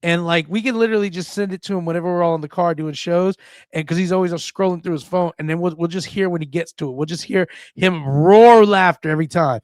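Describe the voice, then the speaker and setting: A man who does stand-up, talking on a comedy radio show in a high voice. He tells his stories with animation and acts the scenes out as he goes. He is recorded close and dry in a studio. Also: quick pace, no echo. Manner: animated storyteller, acting out scenes.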